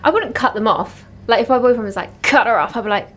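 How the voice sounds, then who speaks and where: A woman's voice: a little high, animated, fast, a bit bright, slight background noise. A young woman in her twenties, a podcast guest chatting casually and laughing easily, her accent drifting as she talks. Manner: chatty, giggly, shifting accents. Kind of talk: casual chat.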